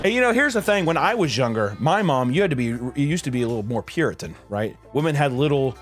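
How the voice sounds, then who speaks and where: Lively, wisecracking male podcast host. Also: mid-range voice, fast talker, faint music behind. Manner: profane, riffing, breaks into laughs. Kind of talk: casual comedic chat.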